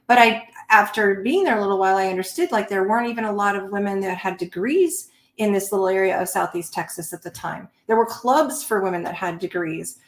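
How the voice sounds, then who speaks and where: A middle-aged woman, a former Navy officer, tells stories from her career in a lively, conversational way and breaks into laughter between them. Her voice sits at an ordinary pitch for a woman. The recording has a noticeable room echo. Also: brisk, few pauses. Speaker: Navy veteran guest. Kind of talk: conversational interview storytelling. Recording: roomy echo.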